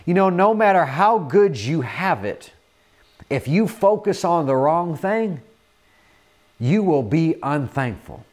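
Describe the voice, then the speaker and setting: A man preaching a sermon in an earnest manner, often repeating words and filling pauses with "uh". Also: fairly high pitch, big pitch swings, darkish tone.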